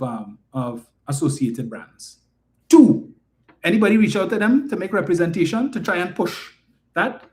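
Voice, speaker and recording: A man's voice: on the high side, darkish tone. A man with a Trinidadian accent giving an emphatic, indignant political commentary monologue full of rhetorical questions.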